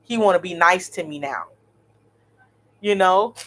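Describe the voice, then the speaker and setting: A woman, in her thirties, telling a story in a blunt, animated, cursing vlog style. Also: lowish voice, measured pace. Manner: blunt, animated, swears freely. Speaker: vlogger.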